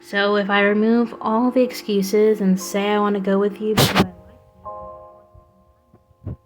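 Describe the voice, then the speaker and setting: A woman's voice: medium pitch, level tone, moderate pace, music in the background, natural voice, rough recording. A woman reading aloud as a stiff, formal and shy young prince in a visual novel. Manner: formal, stilted speech.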